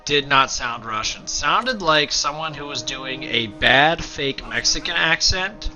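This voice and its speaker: A man hosting a let's play, chatting casually about a strategy game and dropping into quiet, half-whispered asides now and then. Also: fairly high pitch, animated, a little slow, faint music behind, low-quality recording. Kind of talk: casual gameplay commentary.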